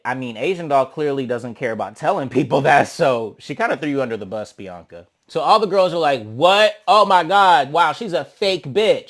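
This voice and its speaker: A young man hosting a casual, sassy recap of a reality show, animated and blunt, often slipping into mocking voices for the cast. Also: medium pitch.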